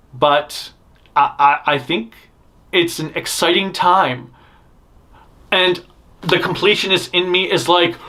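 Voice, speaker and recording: A man's voice: on the high side, pushed and bright. Rambling man giving blunt news takes. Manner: rambling, self-interrupting, blunt opinions. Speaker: news show host. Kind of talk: casual opinionated news commentary.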